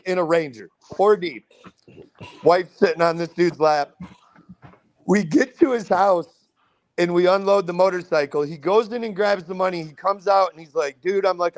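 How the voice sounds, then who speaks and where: A man with a Midwestern American accent, telling a wild story casually on a podcast and acting out everyone's lines with big jumps in his voice. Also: no echo. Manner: animated, profane, acts out quotes with big pitch jumps. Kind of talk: casual storytelling among friends.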